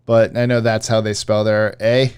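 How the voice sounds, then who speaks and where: A man's voice: lowish voice, level tone, normal speed, darkish tone, smooth. A man co-hosting a casual live stream, rambling and correcting himself as he answers chat.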